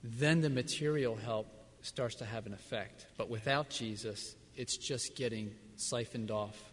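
A man's voice: medium pitch, unhurried. A man as a missionary answering questions at a church service, earnest, reflective and plainspoken. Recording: long reverb of a large hall.

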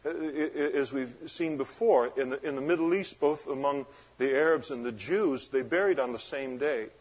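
A man preaching a sermon as pastor, moving between loud emphatic passages and low, quiet explanation. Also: moderate pace, slightly rough.

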